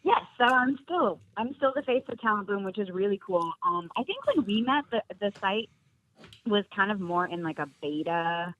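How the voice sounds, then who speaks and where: A woman's voice: mid-range voice, expressive, normal speed, fairly bright tone. Bubbly woman chatting, lo-fi sound. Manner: bubbly, laughs often, acts out quotes. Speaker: guest actress. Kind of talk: casual podcast chat.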